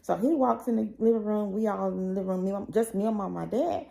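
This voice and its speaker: A woman's voice: medium pitch, fairly even intonation, fairly quick, vocal fry, warm tone, rough recording. A woman vlogger recounting a painful personal story in a rambling, emotional way, full of fillers.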